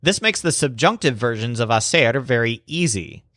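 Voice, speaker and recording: A man narrating a scripted language lesson as teacher, slowing down to spell out example phrases. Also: mid-range voice, animated, pushed and bright, no room sound, clean studio sound.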